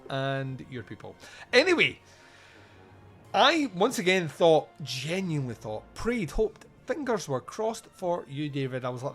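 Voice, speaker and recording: A man's voice: a little high, very animated, measured pace, fairly bright tone, faint music behind. A Scottish man hosting a podcast in loose, jokey chat, rambling and laughing often. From Scotland. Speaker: podcast host.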